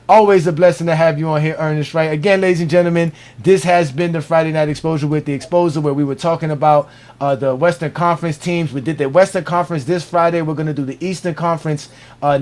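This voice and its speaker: Male stream host from Miami, high-pitched, slangy casual delivery. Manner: loose, animated, slangy sign-off talk. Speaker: host of a live sports show. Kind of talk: casual live-stream chat.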